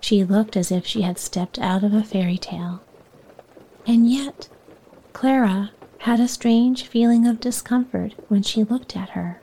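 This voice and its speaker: A woman reading a children's bedtime story aloud in a soft voice that often sinks near a whisper. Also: mid-range voice, measured pace, slightly rough, rough recording.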